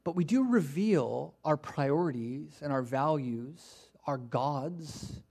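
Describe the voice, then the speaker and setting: A man's voice: fairly high pitch, expressive, slow, creaky, darkish tone. Man preaching with mocking asides. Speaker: pastor. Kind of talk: sermon.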